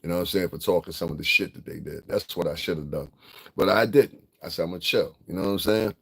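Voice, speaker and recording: A man's voice: sits low, quick pace, vocal fry, a bit bright, slightly rough. A middle-aged man from Connecticut, ranting bluntly and profanely in a casual livestream, laughing often. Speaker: vlogger.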